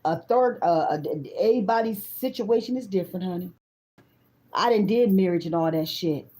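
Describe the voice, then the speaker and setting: A woman in her fifties tells a story in a loose, casual way. Her voice is mellow and dark. She talks bluntly, swears freely and turns to her viewers as if they were close friends. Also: fairly low pitch, moderate pace. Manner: blunt, profane, animated, talks straight to the viewers. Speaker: tarot reader.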